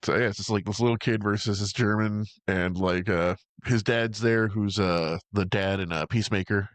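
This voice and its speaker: Casting: male co-host, low voice, quick rambling banter, dry close mic. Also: steady tone, no echo. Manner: rapid, rambling, full of "like" and "yeah", swears. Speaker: podcast co-host. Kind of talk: casual movie-review chat.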